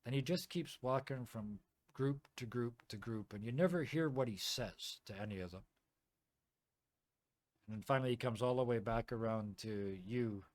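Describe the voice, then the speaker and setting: A man's voice: medium pitch, moderate pace, darkish tone, dry recording. A man narrating as game master of a tabletop game, vivid and playful with sound effects.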